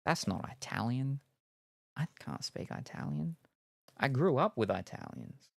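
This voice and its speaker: A man's voice: mid-range voice, animated, unhurried, vocal fry, a little mellow, no room sound. Rambling, laid-back male streamer. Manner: rambling, self-deprecating, lots of ums. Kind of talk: casual chat while gaming.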